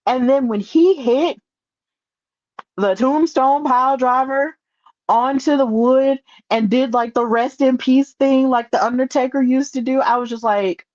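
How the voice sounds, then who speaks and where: Excitable woman podcast host, dull dry sound. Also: high-pitched, measured pace, dry recording. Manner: excitable, animated storytelling with playful asides. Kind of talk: solo podcast recap.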